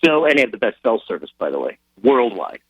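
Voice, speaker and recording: Animated middle-aged man telling stories. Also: mid-range voice, fast, no echo, phone-quality sound. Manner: animated, rambling anecdotes with frequent restarts. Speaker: military sergeant and charity founder as a guest. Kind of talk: radio interview storytelling.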